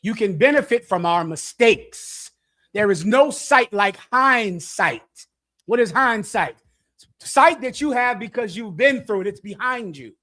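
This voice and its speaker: A middle-aged man preaching bluntly to young listeners, lecturing and swinging between loud and hushed delivery. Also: high voice, expressive, a little slow. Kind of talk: street sermon with audience questions.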